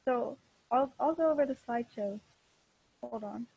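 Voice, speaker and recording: A young woman teaching a class over a video call, explaining patiently and slowly with many fillers and restarts. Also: on the high side, gravelly, darkish tone, husky, highs cut off. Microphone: computer mic on a video call.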